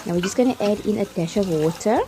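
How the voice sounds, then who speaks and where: A fast-talking woman with a mid-range voice voices over a cooking tutorial set to background music. Her style is chatty and step-by-step, sprinkled with light laughter, in the manner of a cooking vlogger.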